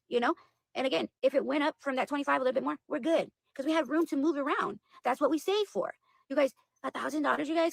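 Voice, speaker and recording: Fast-talking woman with a gravelly voice. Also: high voice, no echo. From United States. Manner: rambling, repeats "you guys", exasperated. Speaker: livestream host. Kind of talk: casual chat to viewers.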